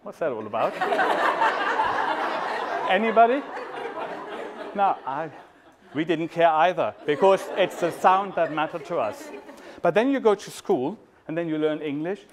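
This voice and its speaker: A man's voice: sits high, lively intonation, a little slow, crowd noise. German-accented man giving a playful talk. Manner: playful, warm storyteller, sings snippets. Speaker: speaker at a talk. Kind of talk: storytelling talk.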